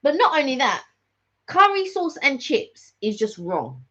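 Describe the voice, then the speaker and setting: A woman's voice: high-pitched, sing-song, measured pace, pushed and bright. A woman co-hosting a casual live stream, opinionated and emphatic about food. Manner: opinionated, emphatic, laughs often. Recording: dull lo-fi live stream audio.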